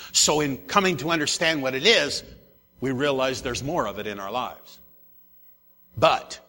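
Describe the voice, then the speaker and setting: In a large church hall with a long echo, a male pastor preaches with a medium-pitched voice that is bright, forceful, and slightly rough. He speaks emphatically and familiarly to his congregation, repeating his key phrases.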